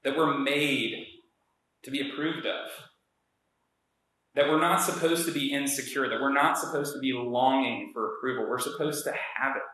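A man's voice: medium pitch, fairly even intonation, normal speed, sharp tone. A young man giving a casual, conversational sermon, telling a story with many fillers. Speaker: preacher. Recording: very echoey room.

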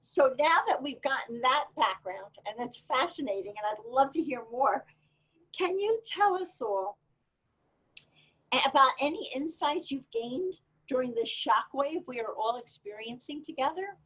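A woman's voice: high-pitched, lively intonation, measured pace, a bit bright, breathy edge, rough recording. A woman hosting an interview, engaged and asking follow-up questions. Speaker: interview host.

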